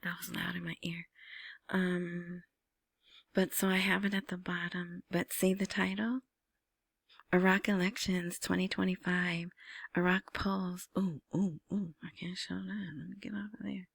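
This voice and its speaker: A woman vlogger gives casual screen-share commentary on Iraqi news and currency, speaking softly in a half-whisper with many ums and restarts. Her voice is lowish, flat, unhurried, husky, and full of vocal fry, with no room sound.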